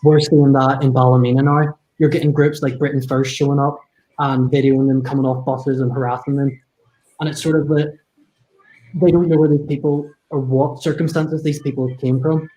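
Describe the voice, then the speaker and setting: Young Northern Irish man, mellow mid-pitched voice, thoughtful and hesitant podcast guest. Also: level tone, normal speed, rough recording. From Northern Ireland. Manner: reflective, hesitant, with restarts. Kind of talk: casual discussion.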